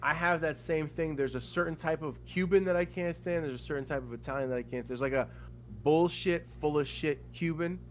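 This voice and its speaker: Profane, animated podcast guy. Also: on the high side, a little fast, a little hiss or hum. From Miami. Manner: profane, animated, mimics people. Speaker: podcast co-host. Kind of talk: casual chat.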